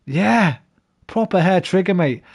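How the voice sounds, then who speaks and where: A man's voice: high-pitched, expressive, unhurried, creaky, breathy edge. Swearing, chatty male game streamer. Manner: swearing, chatty, flares into frustrated outbursts. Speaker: gaming streamer. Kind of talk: live game stream chat. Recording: noisy background.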